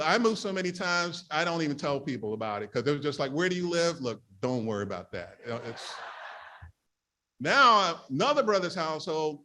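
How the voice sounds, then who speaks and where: At church, a middle-aged man from New York shares a humorous personal testimony, acting out the complaints he used to make. His voice is on the high side, pushed and bright.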